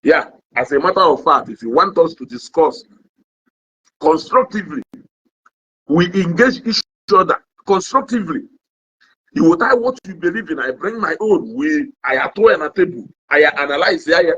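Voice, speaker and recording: A young man with a Nigerian Igbo accent, talking to a livestream audience in a casual monologue. He switches between languages, keeps asking "you understand?", and his pitch swings a lot as he talks. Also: lively intonation, moderate pace, bright, forceful tone, breathy edge. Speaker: online commentator. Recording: dull lo-fi sound.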